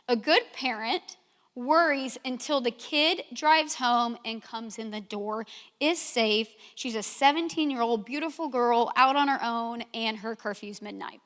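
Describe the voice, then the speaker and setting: A woman's voice: fairly high pitch, a little slow, a bit bright. A middle-aged woman giving a sermon, telling candid stories about her own life and acting out her own reactions. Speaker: speaker at a church gathering. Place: church sanctuary. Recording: long hall reverb.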